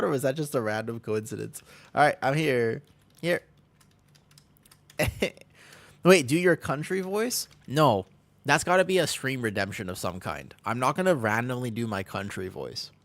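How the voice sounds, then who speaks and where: Midwestern male streamer, mid-pitched, jokey and upbeat, dry close mic. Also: very animated, a little slow, vocal fry, pauses often, fairly bright tone, no echo. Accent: American Midwestern. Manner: upbeat, joking, often laughing, chatting with viewers. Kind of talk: casual live-stream chat while gaming.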